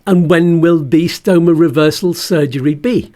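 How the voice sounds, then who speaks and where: A man's voice: on the high side, moderate pace, hardly any pauses, a little mellow. A man talking in a casual personal vlog, chatty and jokey as he shares health news with his viewers. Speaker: vlogger and musician.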